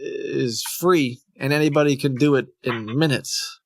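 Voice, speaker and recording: A male streamer on a prank call, talking casually and haltingly as he feigns suspicion. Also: mid-range voice, creaky, over music.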